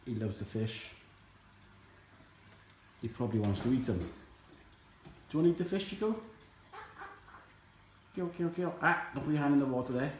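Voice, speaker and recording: Casual man, mid pitch, sing-song pet talk, echoey home room, noisy phone recording. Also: expressive, moderate pace, pauses often. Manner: coaxing, talks to his monkey in a sing-song pet voice. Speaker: pet vlogger. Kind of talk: casual pet video narration. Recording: echoey room with noticeable noise.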